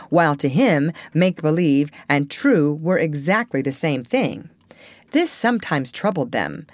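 A woman reading a children's storybook aloud in a gentle, expressive way. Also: low-pitched, no echo. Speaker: audiobook narrator.

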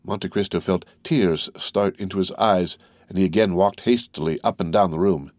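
A man narrates a classic novel at a steady, measured pace. His voice is low and the recording is dry and close. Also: no room sound. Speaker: audiobook narrator.

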